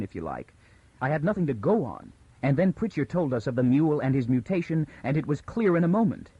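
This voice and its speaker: A man voicing a frightened young woman who reasons tensely through her fear, pitched above his own voice. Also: mellow, breathy edge, no echo, muffled recording.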